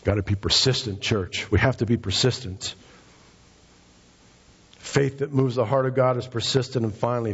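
A middle-aged man preaching a fervent sermon, his voice climbing to high, emphatic peaks. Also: steady tone, normal speed, pauses often, fairly bright tone, husky, highs cut off. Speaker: pastor.

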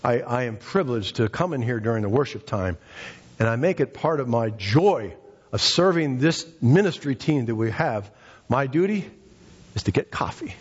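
A man's voice: medium pitch, animated, moderate pace, husky. A male pastor preaching a fervent, emphatic sermon in a church, often repeating his phrases for emphasis. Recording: reverberant hall, dull lo-fi sound.

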